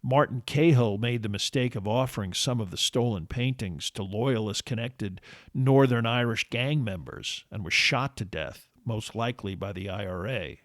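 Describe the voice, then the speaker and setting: Male podcast narrator, steady measured read, slightly low pitch, dry booth sound. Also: no room sound. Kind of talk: scripted history narration.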